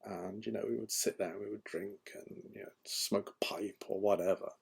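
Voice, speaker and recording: A man's voice: fairly low pitch, steady tone, moderate pace, gravelly, slightly rough. A man, an author, chatting casually and rambling with frequent ums and restarts. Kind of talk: casual chat.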